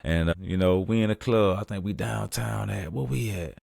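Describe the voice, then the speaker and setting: A man's voice: normal speed, vocal fry, dry recording, studio quality. A young man hosting a podcast, telling a story in a laid-back, casual way and saying "man" often. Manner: laid-back, says "man" constantly, gets loud and high when acting out the story. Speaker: podcast host.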